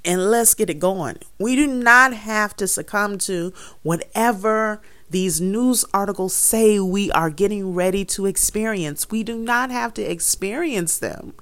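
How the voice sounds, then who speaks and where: A woman's voice: mid-range voice, unhurried, hardly any pauses, fairly bright tone, dry recording. A woman hosting a gardening show, talking earnestly in a casual monologue, laughing often and repeating her points for emphasis. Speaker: gardening podcast host. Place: Chicago area.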